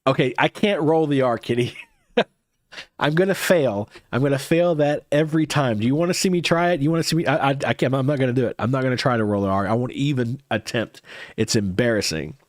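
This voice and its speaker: A man's voice: mid-range voice, fast talker, dry recording, clean studio sound. A man with a head cold, tired and congested, hosting a music reaction livestream and answering viewer comments in casual chat.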